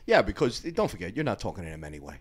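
A brash middle-aged man, a guest on a casual podcast, tells a profane story about the gym. His voice sits low and sounds slightly rough, and he races through it with a loud, animated delivery.

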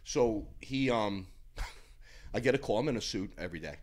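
A middle-aged man, a podcast guest, telling stories in a casual, animated way, with plenty of swearing and laughter. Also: on the low side, normal speed. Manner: animated, profane, laughing storyteller. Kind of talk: casual storytelling.

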